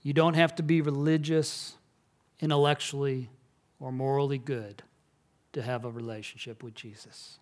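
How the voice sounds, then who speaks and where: A male pastor giving a sermon in an earnest, measured way, dropping to a hush at solemn moments. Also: mid-range voice, flat delivery.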